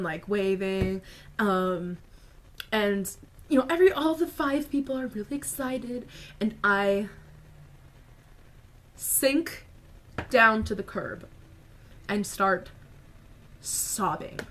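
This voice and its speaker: A woman vlogger telling a personal story to camera in a casual, animated way, full of "like" and quick asides. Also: mid-range voice, slight background noise. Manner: animated, filler-heavy retelling with lots of "like".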